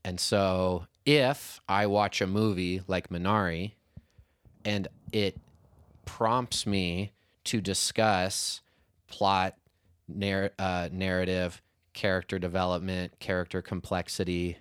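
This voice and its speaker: A man's voice: low voice, flat delivery, takes it slowly, fairly bright tone, clear, resonant tone, no echo, studio quality. A man co-hosting a faith podcast, talking things through in a thoughtful, casual conversation. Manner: thoughtful, lists ideas in stretched phrases. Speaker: podcast co-host.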